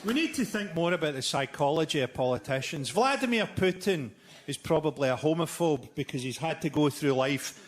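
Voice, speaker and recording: A Scottish man doing a stand-up comedy set on a live stage, delivering dark jokes in a dry, deadpan way. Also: fairly high pitch, fairly quick. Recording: live show with loud ambient noise.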